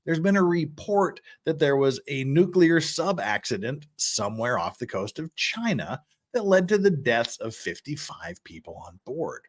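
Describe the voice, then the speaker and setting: An American man with a somewhat high voice talks at normal speed. He's hosting a casual livestream, reading chat messages and rambling in a lively way, chuckling often and restarting words.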